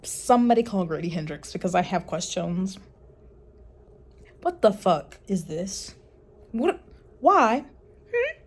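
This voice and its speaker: A woman's voice: medium pitch, big pitch swings, slow, long pauses, slightly rough. A young adult woman vlogging casually about books, blunt and exasperated, swearing freely. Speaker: booktube vlogger. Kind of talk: casual reading vlog and review.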